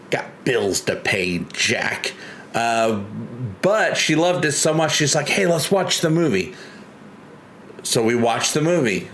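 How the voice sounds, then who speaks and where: A man's voice: medium pitch, a bit bright, slight background noise. Chatty man hosting a live stream. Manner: chatty, reads chat aloud, loose and rambling. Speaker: livestream host. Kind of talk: casual live-stream chat.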